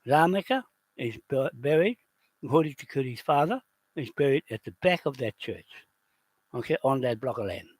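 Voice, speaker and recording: A man's voice: mid-range voice, animated, normal speed, husky, no echo. Angry ranting New man. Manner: heated, swearing, accusatory, often shouting. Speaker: video host. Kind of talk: unscripted angry rant.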